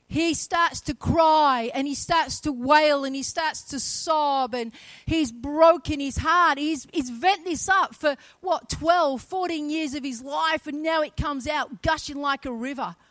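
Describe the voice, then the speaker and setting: A woman preaching a sermon, retelling a story with shifts from quiet to loud, emphatic passages. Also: sits high, measured pace, dry recording.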